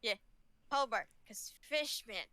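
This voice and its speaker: A woman playing a tabletop game, talking casually in a lively, expressive way. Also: on the high side, slow, no room sound. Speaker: player.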